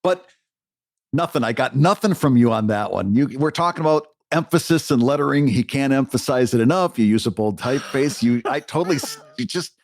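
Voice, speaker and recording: A man's voice: mid-range voice, lively intonation, fairly quick, no room sound. A man co-hosting a podcast in casual chat, talking in rambling bursts with many restarts. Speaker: podcast co-host.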